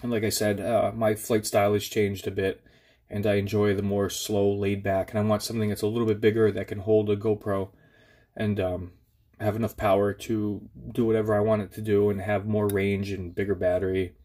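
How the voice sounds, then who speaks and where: A man with a somewhat low voice and a stuffy nose talks through a casual hobby update. He rambles, fills pauses with fillers and often restarts his sentences. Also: level tone, warm tone. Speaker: FPV drone hobbyist vlogger.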